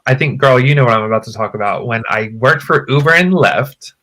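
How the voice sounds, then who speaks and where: A man chatting casually on a podcast, telling a long story with lots of swearing and high-pitched voices when he quotes people. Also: a little fast, bright, forceful tone, slight background noise. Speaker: co-host.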